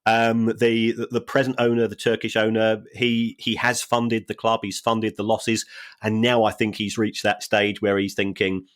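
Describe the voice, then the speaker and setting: A man co-hosting a podcast, talking through football finances in a measured, wry way with frequent restarts. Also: on the low side, completely flat delivery. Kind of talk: casual chat.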